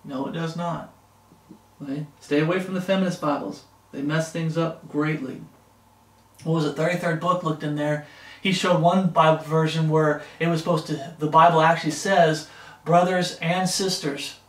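Emphatic preacher, high voice, echoey room. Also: male voice, steady tone, moderate pace, far from the mic. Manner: emphatic, repeats words, frequent "okay?". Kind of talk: Bible study sermon.

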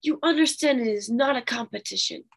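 A woman leading a morning Bible study, telling a story in an animated, emphatic sermon style and speaking straight to her listeners. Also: fairly high pitch, fairly quick, vocal fry. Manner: animated, emphatic, addresses audience directly.

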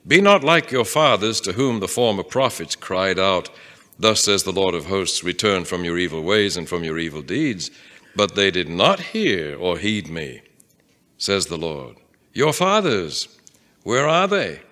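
A man leads a Bible class before a live audience. His voice is bright and his pitch moves a lot, rising and falling as he reads scripture aloud and puts questions to the room in a relaxed, conversational way. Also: a little slow. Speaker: Bible teacher. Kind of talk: interactive Bible class lecture.

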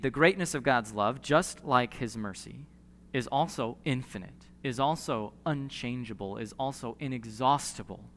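A male pastor preaching a sermon earnestly, with emphatic pauses and repeated phrases. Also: medium pitch, fairly bright tone. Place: church sanctuary. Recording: long church hall reverb.

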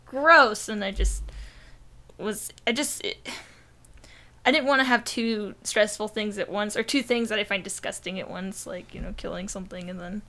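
A young woman with a mid-range, slightly bright voice tells a rambling tale at a moderate pace while co-hosting a podcast. It's loose chat, heavy on "like" and profanity.

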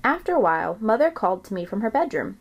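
A woman reading a children's chapter book aloud in an expressive storytelling way. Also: mid-range voice, fast, breathy edge.

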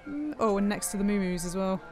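A woman's voice: medium pitch, animated, fast, darkish tone, faint music behind. A woman, chatting playfully while streaming a city-building game live, thanking viewers and talking to herself as she plays. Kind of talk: live-stream gameplay commentary.

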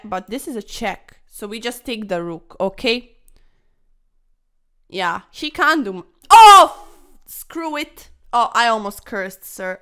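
A woman's voice: on the high side, sharp tone, clean tone. A young woman commentating her own online chess games in a playful, dramatic way, full of quirky slang and mock-formal asides. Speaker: chess streamer.

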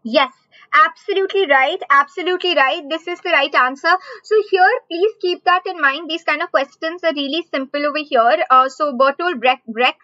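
Indian English woman, high bright voice, live online teacher who drills questions; dry, dull lo-fi sound. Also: dry recording. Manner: repeats questions slowly, drawn-out emphasis. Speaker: online exam-prep teacher.

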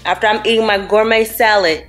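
A woman's voice: medium pitch, fairly even intonation, a little fast, a bit bright. Young mom vlogging w her kids, blunt jokey talk, music playing faintly behind. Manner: joking, blunt, playful scolding. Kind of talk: casual family vlog chat.

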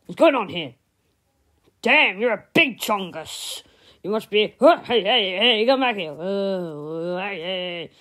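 Woman, comedic skit voice-over, playful and mock-stern, animated up-and-down delivery, unhurried. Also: mid-range voice. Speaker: channel creator.

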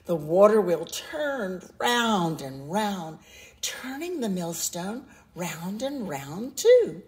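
A woman with a mid-range voice reads a children's picture book aloud, telling the story slowly and expressively in a sing-song way.

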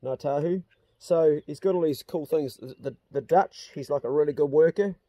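A man's voice: a little high, moderate pace, dark tone, no echo. A middle-aged man with a New Zealand accent, hosting a cheeky, casual chat and swearing freely. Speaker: host.

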